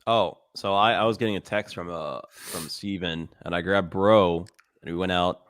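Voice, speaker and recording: A man's voice: deep voice, fairly even intonation, normal speed, fairly bright tone, no room sound, studio quality. A young man co-hosting a podcast, talking casually in a laid-back, hesitant way. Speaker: podcast co-host. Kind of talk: casual chat.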